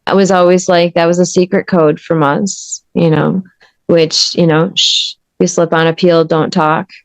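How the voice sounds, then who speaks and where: A woman with a fairly low voice recounts her story to an interviewer with earnest intensity. Her speech is conversational and emphatic. The sound is close and dry, with no room echo. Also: little pitch movement, unhurried. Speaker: podcast guest.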